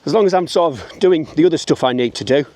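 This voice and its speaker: A man's voice: on the high side, lively intonation, fast talker, warm tone. Middle-aged Englishman with a British accent, slightly raised voice; casual blunt vlogger walking and talking, a bit winded. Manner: blunt, chatty, joking. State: out of breath going uphill. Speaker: wedding photographer. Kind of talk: casual walking vlog to camera. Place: outdoors, walking uphill.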